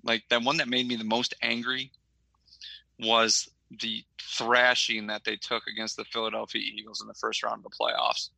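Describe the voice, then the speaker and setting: A man's voice: fairly low pitch, flat delivery, moderate pace, gravelly, pushed and bright, no room sound, rough recording. A middle-aged man from Michigan, a podcast co-host, telling a rambling story in casual chat with lots of fillers.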